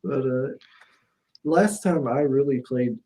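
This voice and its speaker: A man's voice: slow, poor audio. A man co-hosting a casual livestream, telling stories animatedly and laughing often. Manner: animated storyteller, laughs often, jumps up in pitch when amused. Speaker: stream co-host.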